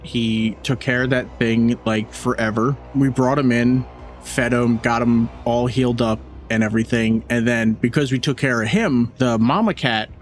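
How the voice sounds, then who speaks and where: A man co-hosting a podcast in casual chat, telling a story in a relaxed, matter-of-fact way. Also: medium pitch, moderate pace, faint music behind. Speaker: podcast co-host.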